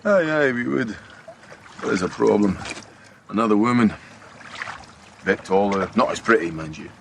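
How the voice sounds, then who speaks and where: A man's voice: on the low side, animated, moderate pace, vocal fry. An actor playing a boastful rugged huntsman in a film scene. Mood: teasing. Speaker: film character. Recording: film clip with loud water noise.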